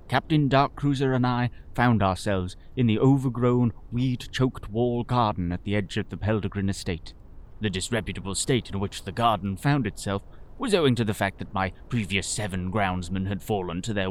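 A man narrating an audio drama in a pompous, florid manner, as a Victorian-style gentleman. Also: deep voice. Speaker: storyteller and sole voice actor.

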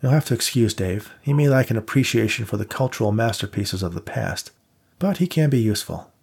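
A male narrator reading a brisk woman professor with a dry wit, in a low, gravelly, slightly husky voice. She speaks plainly and confidently, like an audiobook character. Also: expressive, a little mellow, heavily acted.

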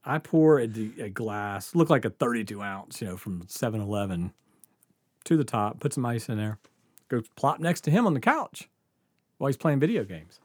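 A man's voice: medium pitch, sing-song, moderate pace, darkish tone, dry recording, clean studio sound. A man casually telling a story, laughing often and swearing freely.

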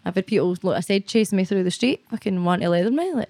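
A woman's voice: mid-range voice, fast talker, hardly any pauses, a little mellow, no room sound. A young Scottish woman in casual interview chat, blunt and laughing often, swearing freely. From Scotland. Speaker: guest.

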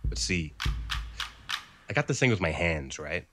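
A man from Canada, telling a comic personal story on stage with dramatic swings from hushed to emphatic. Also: sits low, very animated, measured pace, noisy background.

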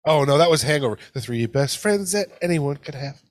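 A man with a slightly raised pitch hosts a loose podcast with his brothers. He jokes, swears and laughs easily, and his voice comes through dry and close over a video call. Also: lively intonation, fairly quick, dry recording. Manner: joking, swears, laughs often. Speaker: podcast host. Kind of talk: casual chat among brothers.

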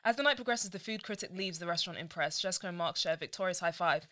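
A woman's voice: lowish voice, rapid-fire, a bit bright. A woman co-hosting a casual comedy podcast, reading stage directions aloud and acting out short scripts with her friend. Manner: reads stage directions aloud, laughs often. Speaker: podcast co-host.

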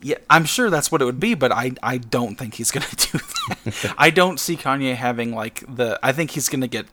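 A man's voice: medium pitch, animated, a little fast, pushed and bright, a little hiss or hum. A man speaking as a podcast guest in casual chat, hesitant, with lots of fillers and laughs.

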